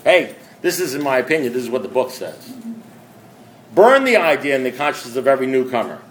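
A man's voice: medium pitch, animated, brisk, a bit bright, a little hiss or hum. A man speaking at a recovery meeting, telling his story with wry, self-mocking humor and emphatic, repeated build-ups. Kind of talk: storytelling talk.

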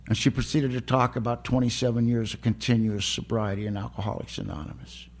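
A man's voice: medium pitch, fairly even intonation, fairly quick, hardly any pauses. A man giving a blunt, streetwise personal testimony at a recovery meeting, often laughing as he talks.

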